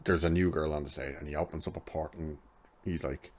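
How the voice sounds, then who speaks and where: A man's voice: extremely low pitch, fairly even intonation, brisk. A man casually recapping a TV episode in a rambling way, with lots of filler "like"s. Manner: rambling retelling, many filler "like"s. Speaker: TV episode reviewer.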